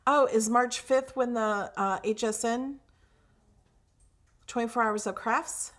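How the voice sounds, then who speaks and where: A young woman with a fairly high voice hosts a craft livestream. She chats casually with her viewers and gushes over her work, restarting sentences and filling pauses with "um". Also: fairly bright tone. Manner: chatty and gushing, with fillers and restarts.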